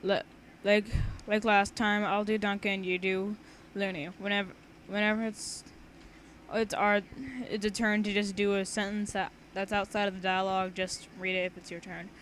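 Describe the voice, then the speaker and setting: Young woman, casual read-aloud, rambling, stumbles over words, mid-range pitch. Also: level tone, normal speed, a bit bright, slight background noise. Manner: chatty, rambling, stumbles and restarts. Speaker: story reader.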